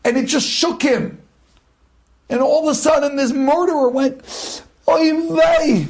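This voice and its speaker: A man giving a dramatic storytelling sermon with long pauses between phrases. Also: extremely high pitch, steady tone, a little mellow.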